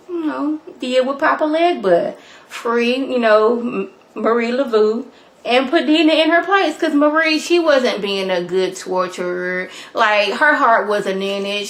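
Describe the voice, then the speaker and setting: A woman recapping a TV episode in a casual vlog, chatty and full of slang and playful asides. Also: on the high side. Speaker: TV show reviewer.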